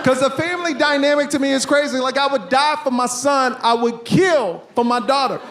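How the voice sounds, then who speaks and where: A man performing a stand-up comedy set on stage, telling stories with sudden shouted punchlines. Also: extremely high pitch, a little fast, slight background noise. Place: comedy stage before a live audience.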